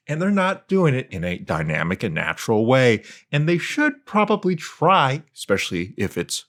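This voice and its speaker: A man in casual comedic commentary, his pitch swooping in big arcs as he mocks a sing-song script-reading voice. He sounds playful and teasing, and he overdoes the rise and fall of each phrase on purpose. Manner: mocking, playful. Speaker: video commentator.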